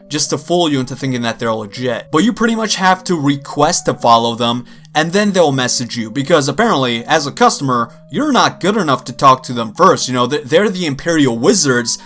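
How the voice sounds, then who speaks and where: A man's voice: mid-range voice, lively intonation, brisk, few pauses, fairly bright tone, soft background music. A man speaking casually to his viewers, exasperated and loose, with lots of fillers. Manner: conversational, exasperated, with frequent fillers. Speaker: gaming video creator. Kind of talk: casual rant to camera.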